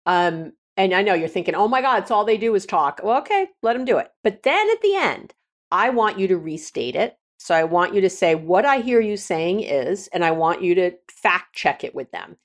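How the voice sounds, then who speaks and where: A woman's voice: mid-range voice, sing-song, normal speed. A middle-aged woman hosting a podcast, giving frank, casual relationship advice with many restarts and repeated words. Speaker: podcast host and counselor.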